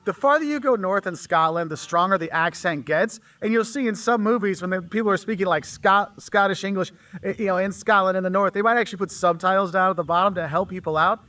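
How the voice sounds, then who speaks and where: A man's high voice, pushed and bright, rattles off casual travel advice to the camera at a fast clip with few pauses. He makes his travel videos in a chatty style, repeatedly checking in with "okay?"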